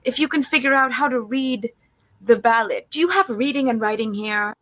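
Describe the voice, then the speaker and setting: A woman's voice: a little high, fairly bright tone, lightly acted, low-quality recording. Woman playing a sneering snob politician. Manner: mocking, slow pidgin talk-down. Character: condescending female politician sneering at rural voters. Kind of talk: comedy sketch clip.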